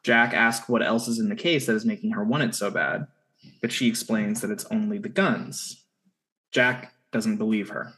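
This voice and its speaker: A man co-hosting a casual podcast, summarizing plot points in a brisk way with wry asides. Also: on the low side, steady tone, bright, forceful tone. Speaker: podcast co-host recapping episodes. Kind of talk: casual chat.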